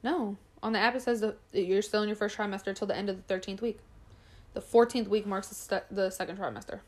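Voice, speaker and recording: A young woman, casually chatting as an animated storyteller who acts out quotes and swears freely. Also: mid-range voice, fast. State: pregnant, nauseous. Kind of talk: casual chat.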